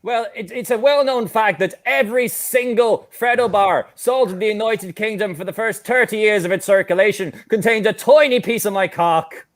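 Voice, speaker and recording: A man's voice: sits high, normal speed, few pauses, natural voice. A man voicing a foul-mouthed, outraged male frog who has lost his job, with a Welsh accent, ranting crudely. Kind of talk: improv comedy character.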